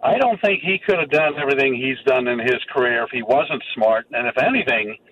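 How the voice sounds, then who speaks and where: A man, calling in to a radio show and speaking in an earnest, halting way. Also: medium pitch, lively intonation. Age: 60s. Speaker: caller. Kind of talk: phone-in call. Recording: muffled phone line with faint noise.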